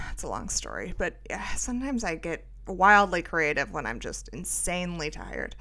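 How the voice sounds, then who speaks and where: A woman's voice: fairly low pitch, very animated, moderate pace, bright, forceful tone. A middle-aged woman hosting a podcast, telling a rambling, self-mocking story with lots of fillers. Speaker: podcast host. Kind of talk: casual storytelling monologue.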